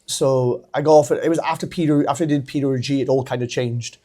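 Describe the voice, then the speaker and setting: A man in his thirties with a Welsh accent, a wrestler telling his story as a podcast guest, animated and laughing often. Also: medium pitch, fast talker. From Wales. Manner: animated, laughs often, acts out quoted voices. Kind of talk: casual storytelling interview.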